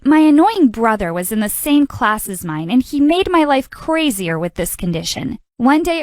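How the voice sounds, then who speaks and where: Expressive woman narrating a story. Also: a little high, no room sound, clean studio sound. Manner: dramatic, expressive, exclamatory. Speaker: first-person storyteller. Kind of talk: scripted narration.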